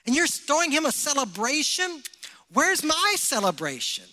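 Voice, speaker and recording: A resentful grown older brother, as a preacher acts him out, whining his complaints in a very high, forceful voice. The words carry a long hall reverb. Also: huge pitch swings, normal speed, exaggerated voice. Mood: indignant. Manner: whiny, complaining, pleading questions.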